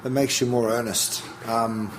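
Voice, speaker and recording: A man's voice: mid-range voice, little pitch movement, measured pace, a little hiss or hum. A middle-aged Australian man, a chef being interviewed, talking casually and thinking aloud with frequent restarts. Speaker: chef guest.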